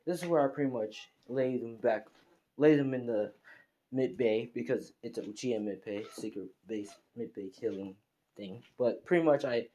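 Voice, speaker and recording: A man's voice: medium pitch, moderate pace, mellow. A man casually narrating an improvised fan story, rambling with heavy fillers and restarts.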